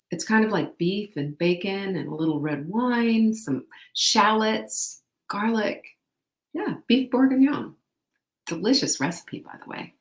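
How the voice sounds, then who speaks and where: A woman's voice: on the low side, roomy sound. A woman hosting a live show, coaching her viewers in an upbeat, direct way. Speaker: host. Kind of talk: motivational live show talk.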